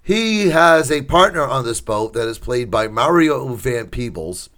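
A man's voice: medium pitch, animated, measured pace, a bit bright. Sarcastic man recapping a movie. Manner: sarcastic storytelling, acts out quotes. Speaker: podcast co-host. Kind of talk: casual chat.

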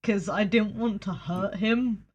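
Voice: mid-range voice, slow, muffled recording. A podcast co-host in casual chat, dry and wry, laughing through complaints.

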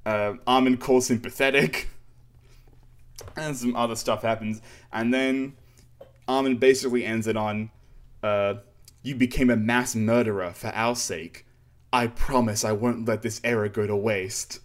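Male co-host, mid-pitched, laid-back sarcastic recap, loose and chatty. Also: steady tone, a little slow, long pauses. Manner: laid-back, rambling recap with fillers, sarcastic asides and laughs. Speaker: podcast co-host recapping a manga. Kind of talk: casual chat.

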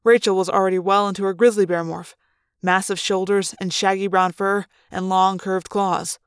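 A woman reads a novel aloud in a slow, deliberate dramatic style. Her voice sits at a middle pitch and is recorded close and dry, with no room sound. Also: steady tone, smooth, no room sound. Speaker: narrator. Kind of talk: audiobook reading.

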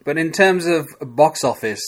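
A man's voice: on the high side, lively intonation, a little slow. A British man with a British accent, the podcast's producer appearing as a guest, chatting casually and hesitantly, with many ums and likes. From Britain.

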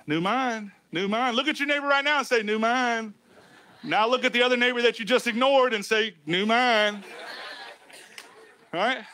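High, bright-voiced preaching man. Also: no room sound. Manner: emphatic, folksy preaching with swings from shouts to hushed lines. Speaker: pastor. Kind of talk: sermon. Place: church sanctuary.

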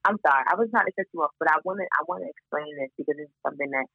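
A woman with a Baltimore accent talking casually as a podcast guest, emphatic and quick to laugh. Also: low voice, gravelly, breathy edge, no room sound, narrow, tinny audio. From Baltimore, USA. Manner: animated, emphatic, laughs often. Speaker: podcast guest, founder of a moms' community. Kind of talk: casual chat.

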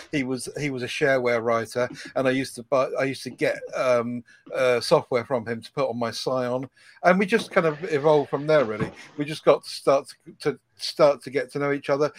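A man chatting as a podcast guest, telling rambling, self-deprecating stories with many restarts. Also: medium pitch. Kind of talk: casual podcast chat.

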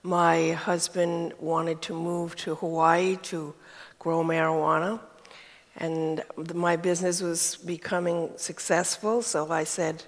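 A woman in her seventies with a Brooklyn accent, candidly telling her life story in an interview, reflective and unhurried. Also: fairly low pitch, level tone, big-room sound. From New York state, USA. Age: 70s. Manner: slow, candid, reflective, with many ums. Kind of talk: interview testimony.

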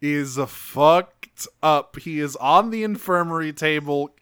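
A man's voice: on the high side, takes it slowly, fairly bright tone, smooth, no echo, clean studio sound. A man co-hosting a podcast in casual chat, laid-back, swearing freely and laughing often. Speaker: podcast co-host.

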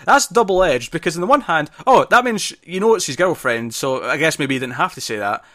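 A man talking films in casual conversation, his voice bright and forward, and he keeps cutting in with eager restarts. He sounds lively and keen to make his point. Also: fairly high pitch, brisk. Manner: animated, jumps in often, stumbles and restarts. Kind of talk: casual film discussion.

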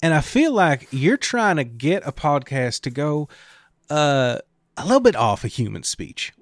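A man's voice: on the high side, very animated, no echo. Playful man co-hosting a dry podcast. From Kentucky area, USA. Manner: riffing, playful, quick to joke. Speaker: podcast co-host. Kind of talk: casual comedic chat.

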